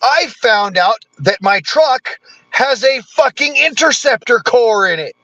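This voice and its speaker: A high-pitched American man with a bright, forceful voice, ranting about politics with nonstop cursing. His delivery is blunt and combative. The sound is dry and close, with no room around it. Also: expressive, a little slow, no echo, highs cut off. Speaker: vlogger. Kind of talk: profane political rant.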